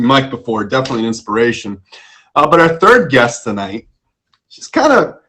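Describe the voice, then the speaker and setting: A man's voice: on the high side, a bit bright. Jokey young male live-stream host. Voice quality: voice cracking. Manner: jokey, self-deprecating, stumbles over words. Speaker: talk show host. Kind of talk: casual live-stream talk show.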